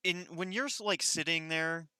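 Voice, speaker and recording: Bright, stammering young man in chat. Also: a little high, moderate pace, clear, resonant tone, no echo. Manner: stammering, animated asker. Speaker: podcast co-host. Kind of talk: casual chat.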